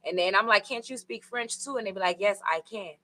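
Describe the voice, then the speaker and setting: A woman's voice: medium pitch, fairly quick, pushed and bright, low-quality recording. A woman with giving a casual, rambling tarot reading, full of fillers and asides to her viewers. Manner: rambling, conversational, with many fillers. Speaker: tarot reader.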